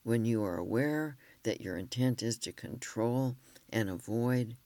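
A man reads self-help narration gently and at an even pace. His pitch sits in the middle range. The recording is dry and close. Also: no echo. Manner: gentle, measured storytelling. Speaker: relationship counselor and author.

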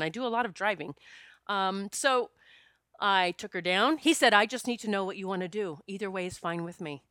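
Bright, crisp-voiced woman telling a story. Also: medium pitch, dry recording, studio quality. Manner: earnest, conversational, with frequent restarts. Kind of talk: personal spiritual storytelling monologue.

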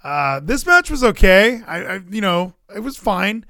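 An excitable man rambles through a casual podcast chat, swearing freely and correcting himself as he goes. His voice is bright and forceful and sits a little higher than usual. The sound is dry and close. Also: unhurried, no room sound. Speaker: podcast co-host.

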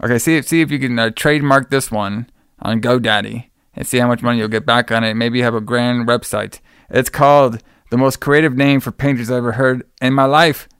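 A man co-hosting a casual movie recap podcast, joking and swearing a lot, and acting out characters in a high voice. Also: steady tone, a little fast, fairly bright tone, smooth, no echo, clean studio sound. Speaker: podcast host.

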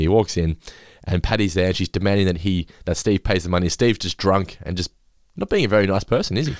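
A man's voice: low voice, expressive, brisk, no echo, studio quality. An Australian man hosting a casual podcast chat, rambling and acting out quotes. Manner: rambling, acts out quotes, swears freely. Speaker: podcast host. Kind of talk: casual chat recapping a sitcom episode.

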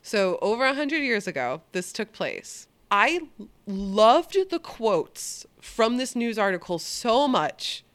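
A woman hosting a podcast in casual chat, animated and swearing casually. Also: medium pitch, takes it slowly. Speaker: podcast host.

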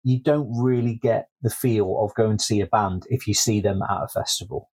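A man's voice: fairly low pitch, fairly even intonation, moderate pace, darkish tone, husky. A man co-hosting a podcast in casual chat, dropping dry, teasing asides and prompting questions. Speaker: podcast co-host.

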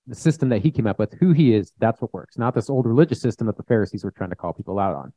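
A man's voice: lowish voice, expressive, very fast, warm tone, no room sound. A young man giving a plain-spoken, conversational sermon, reading scripture and acting out quotes. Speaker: preacher. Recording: dull, muffled recording.

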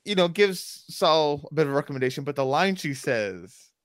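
A man's voice: on the high side, animated, moderate pace, dry recording, studio quality. A man chatting casually as a podcast co-host, recapping a TV episode in a rambling, enthusiastic way that keeps interrupting itself.

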